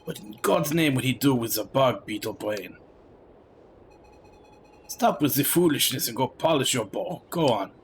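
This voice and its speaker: A man's voice: mid-range voice, lively intonation, unhurried, long pauses, a little hiss or hum. A man doing a sneering French knight. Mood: mocking. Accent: put-on French. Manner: scornful, sneering. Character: boastful male knight, mocking and rude.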